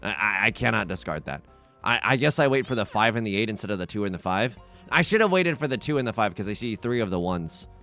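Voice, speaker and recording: A man's voice: on the low side, sing-song, fast talker, pushed and bright, soft background music. A young man hosting a let's play, chatting casually over his game in a rambling, self-interrupting way.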